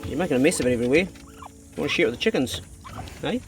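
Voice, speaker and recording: A middle-aged man chatting casually on his farm and talking to his dogs in a relaxed way. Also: fairly high pitch, very fast, music in the background. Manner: laid-back, talks to his dogs. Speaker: vlogger. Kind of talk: casual chat. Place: farmhouse.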